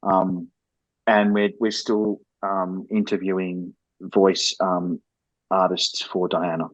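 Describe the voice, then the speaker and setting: A man's voice: low-pitched, little pitch movement, slow, no echo, dull audio. A man who develops video games, speaking as a guest in a podcast interview and explaining things candidly and at length.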